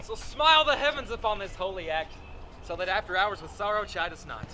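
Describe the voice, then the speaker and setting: A man's voice: high-pitched, very animated, a little fast, sharp tone, a little hiss or hum, exaggerated voice. A man playing a solemn friar giving a blessing in an outdoor amateur Shakespeare performance. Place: outdoor park stage.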